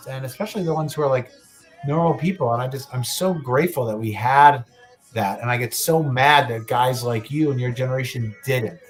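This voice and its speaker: A man's voice: medium pitch, brisk, soft background music. A man in his late thirties co-hosting a casual podcast, rambling with lots of swearing and restarts. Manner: rambling, profane, restarts a lot. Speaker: podcast co-host.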